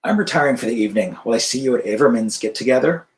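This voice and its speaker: A man's voice: medium pitch, expressive, rapid-fire, lightly acted. A man reading as a dry, formal rich man. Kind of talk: author reading his fiction aloud.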